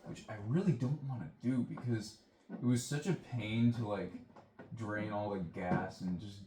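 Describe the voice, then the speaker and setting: A man's voice: fairly low pitch, a little slow, dark tone. Rambling young man muttering in an echoey garage. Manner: rambling, self-deprecating, mutters to himself. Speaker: vlogger. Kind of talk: casual self-talk while repairing. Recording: echoey room with faint noise.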